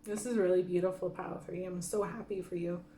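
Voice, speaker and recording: A woman giving a gentle pick-a-card tarot reading who gets openly emotional and laughs softly. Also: fairly low pitch, fairly even intonation, a little fast, a little hiss or hum. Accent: Michif-speaking Métis greeting and French sign-off. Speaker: tarot reader. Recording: echoey room with faint ambience.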